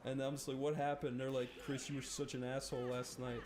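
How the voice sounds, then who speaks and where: A man's voice: mid-range voice, flat delivery, fast. A man with an Irish accent telling a rambling, laughing anecdote full of fillers. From Ireland.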